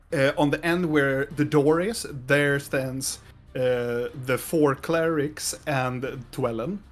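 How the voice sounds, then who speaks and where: A man's voice: medium pitch, takes it slowly, faint music behind. A man running a tabletop game as game master, describing scenes unhurriedly and laughing often.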